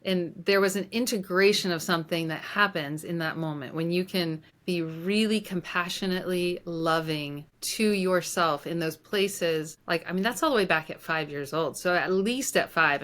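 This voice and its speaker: A woman's voice: fairly low pitch, normal speed, few pauses, a bit bright. A woman life coach speaking as a podcast guest, reflective and earnest in conversational storytelling. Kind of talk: conversational interview.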